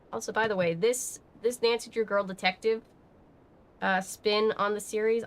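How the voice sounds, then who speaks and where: A woman streaming from home, chatting casually and rambling with many fillers while she answers her chat. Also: on the low side. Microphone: webcam setup.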